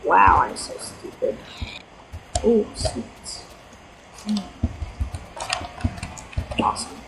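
A woman giving casual, chatty gameplay commentary as a let's player, quick to exclaim and mock herself. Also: medium pitch, gravelly. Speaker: let's play gamer. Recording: noisy homemade mic recording.

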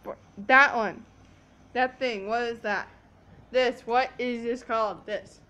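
A woman's voice: a little high, steady tone, takes it slowly, bright, forceful tone, clean tone, lo-fi sound. A young woman complaining and snapping back at her sister during a casual gaming session. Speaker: co-host, sister. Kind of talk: casual gameplay chat.

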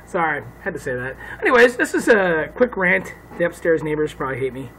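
A man's voice: a little high, sing-song, normal speed, fairly bright tone, a little hiss or hum, low-quality recording. A man recording a profane, rambling comedy rant on his phone at home, laughing at his own jokes. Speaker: comedian ranting.

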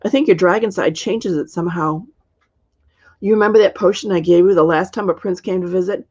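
A woman's voice: on the low side, brisk, darkish tone, slightly rough, dull audio. A woman reading a doubtful mother with magic. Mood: skeptical.

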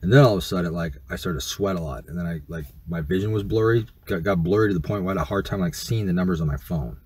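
A man's voice: deep voice, quick pace, a little mellow, husky. A man telling a personal story in a casual, rambling, profane way, full of fillers and restarts.

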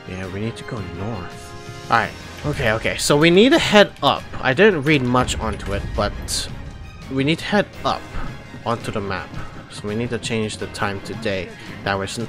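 A young man giving excitable gameplay commentary, laughing, shouting and trash talking enemies over game music. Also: fairly low pitch. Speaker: gameplay streamer.

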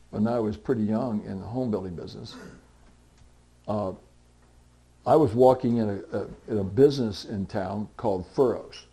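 This middle-aged pastor has a creaky voice as he preaches in a conversational, storytelling style. He slips into the voices of people in his anecdotes and occasionally breaks into loud, high, pleading bursts to hammer home a point.

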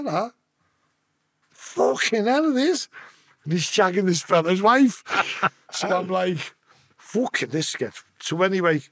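A man with a Liverpool accent telling a story as a guest on a podcast. His voice sits fairly high for a man, and it is recorded close and dry. He swears a lot and jumps into the voices of the people he is quoting, his pitch swinging up and down. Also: dry recording. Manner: profane, acts out quoted voices with sharp pitch swings. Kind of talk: casual storytelling interview.

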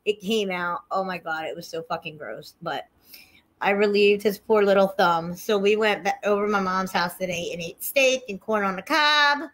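A woman's voice: medium pitch, normal speed, a bit bright. A woman hosting a casual livestream, chatty and profane, greeting viewers by name as she tells stories. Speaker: livestream host.

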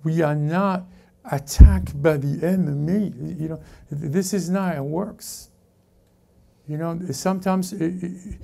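Gravelly dark-voiced male pastor preaching. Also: fairly high pitch, fairly even intonation. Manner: halting, self-correcting preaching with many restarts. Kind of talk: sermon. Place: church service before a congregation.

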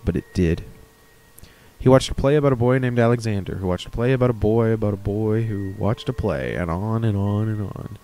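A man's voice: fairly low pitch, fairly quick, dark tone. A man reading a horror story aloud, with casual, chatty asides. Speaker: reader of stories.

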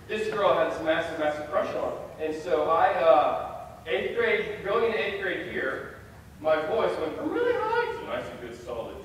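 A man's voice: on the high side, far from the mic, slight background noise. Self-mocking young man in an echoey hall. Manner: animated, self-deprecating storytelling. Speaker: chapel speaker. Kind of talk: storytelling chapel talk. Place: large hall.

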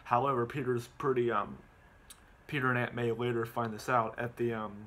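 A man's voice: medium pitch, fairly even intonation, moderate pace, a bit bright. A man casually recapping a movie at home, stumbling over his words with lots of ums and repeats.

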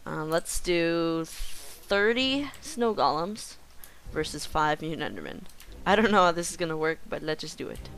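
A woman giving casual gameplay commentary in a playful way, joking with the game creatures and bursting into excited yells. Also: low-pitched, moderate pace, slight background noise.

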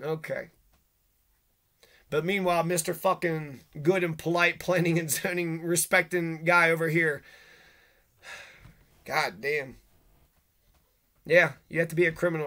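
A man's voice: on the high side, fairly even intonation, moderate pace, long pauses, sharp tone. A man ranting angrily to camera, swearing constantly and accusing people one after another. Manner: agitated, profane, accusatory. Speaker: vlogger. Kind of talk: angry rant to camera.

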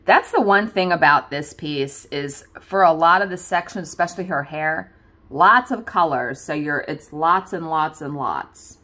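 A woman's voice: sits low, a little slow, pushed and bright. A woman chatting casually to viewers as she works on a craft, rambling with lots of fillers and laughs. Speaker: craft video host. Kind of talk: casual chat while crafting.

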